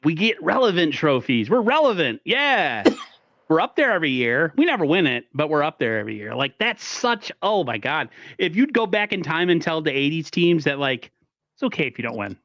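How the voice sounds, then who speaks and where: A man's voice: on the high side, sing-song, brisk, a bit bright, dry recording, highs cut off. A man co-hosting a sports podcast, fired up and swearing freely. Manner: fired up, profane. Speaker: podcast co-host. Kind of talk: casual sports podcast chat.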